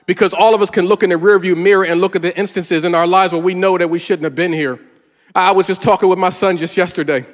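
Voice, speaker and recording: A middle-aged pastor preaching to his congregation in a high, bright voice. He works through rhythmic, repeating refrains, and his words ring out with a long reverb across a large church hall. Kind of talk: sermon.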